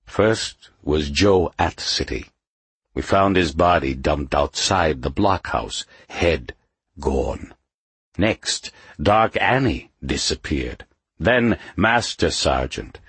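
A man's voice: rumbling low, animated, slow pace, fairly bright tone, husky, no room sound, exaggerated voice. A man voicing Mephisto, a silky hissing underground leader. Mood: conspiratorial. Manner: suspicious, cackling, grim. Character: sly male underground community leader.

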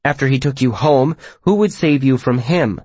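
Audiobook: male narrator playing a blunt, sharp-tongued young woman, dry close read. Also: medium pitch, normal speed, breathy edge, no echo, lightly acted. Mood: venomous. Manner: matter-of-fact, sharp-tongued. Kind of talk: audiobook character voice.

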